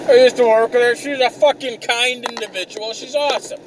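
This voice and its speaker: Swearing nonstop, this young man vents his exasperation in a comedic, profane vlog. He speaks a little fast in a very high-pitched voice with fairly even intonation, picked up by a somewhat distant mic over faint car noise.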